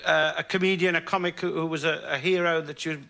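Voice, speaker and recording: A man's voice: fairly high pitch, fairly even intonation, bright, forceful tone. A man in the audience asking the host a question, stumbling over his phrasing. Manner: halting, hesitant phrasing. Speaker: audience guest.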